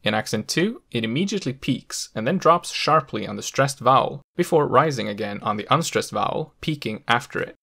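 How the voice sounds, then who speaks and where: Gravelly man explaining language patterns. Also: mid-range voice, animated, a little fast, few pauses, bright, forceful tone. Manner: explanatory, with playful asides. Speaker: language educator. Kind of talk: scripted educational narration.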